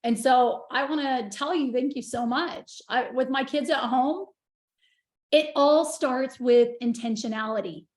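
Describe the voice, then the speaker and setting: A woman's voice: high voice, measured pace, roomy sound. A woman on a group video call, speaking passionately and getting emotional as she praises the others. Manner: gushing, passionate, wells up with emotion. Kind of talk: emotional casual sharing.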